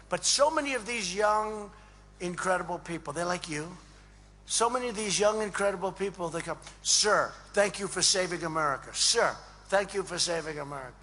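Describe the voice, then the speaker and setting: A man's voice: sits high, bright, forceful tone, a little hiss or hum. A man giving a rambling, emphatic rally speech to a crowd, repeating phrases and acting out quoted dialogue. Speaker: speaker at a political event. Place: large event hall.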